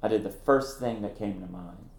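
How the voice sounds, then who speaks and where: A middle-aged man, a ministry founder and former campus minister, telling stories in an interview in an animated way, laughing at himself. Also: fairly low pitch, moderate pace, creaky, roomy sound. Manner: animated, acts out quoted voices, laughs at himself. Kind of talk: conversational interview storytelling.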